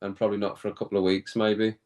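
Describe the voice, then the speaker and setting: A man's voice: lowish voice, little pitch movement, fast talker, a little mellow. A man hosting a casual watch-along stream, chatting with viewers and often laughing. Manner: chatty, reads chat comments aloud, laughs often, reacts to play. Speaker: live stream host.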